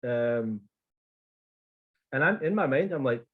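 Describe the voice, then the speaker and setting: A man's voice: medium pitch, moderate pace, pauses often, narrow, tinny audio. A man telling a story in casual chat, acting out quotes and swearing freely. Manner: animated, swearing, acts out quotes. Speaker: podcast guest.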